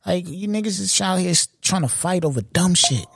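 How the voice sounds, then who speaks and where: A man's voice: high voice, lively intonation, a little fast, vocal fry, husky, dry recording. A man hosting a podcast in casual commentary, talking in loose profane slang and checking in with the listener often. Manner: loose, profane street slang, frequent "you know what I'm saying". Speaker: podcast host.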